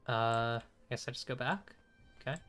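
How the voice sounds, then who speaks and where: A man's voice: medium pitch, measured pace, fairly bright tone, faint music behind. A young man streaming a video game, chatting casually, joking, laughing often and swearing. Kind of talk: live gaming commentary.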